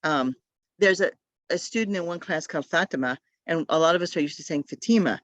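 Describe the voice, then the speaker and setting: A woman's voice: on the low side, fairly quick, no echo. A woman leading a training session for adult language teachers over a video call, often acting out sounds and how students speak. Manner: demonstrates sounds, models student speech. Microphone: video call audio. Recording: dull, dry video call audio.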